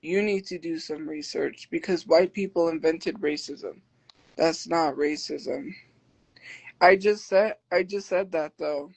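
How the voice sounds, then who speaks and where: A woman livestreaming who answers her chat defensively and argues back, habitually talking loud. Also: sits low, low-quality recording. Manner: defensive, argumentative. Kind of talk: live stream chat replies.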